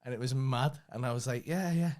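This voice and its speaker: A man's voice: mid-range voice, little pitch movement, fast talker, darkish tone. A young man, co-hosting a casual podcast and telling rambling, sweary anecdotes. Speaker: podcast co-host. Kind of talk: casual chat, storytelling.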